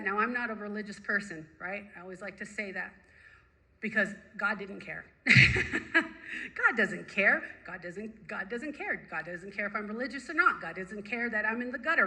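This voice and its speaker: Bright-voiced woman telling her recovery story. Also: mid-range voice, poor audio. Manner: animated, emphatic storytelling with repetition. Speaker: recovery meeting speaker. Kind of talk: personal recovery story told to a group.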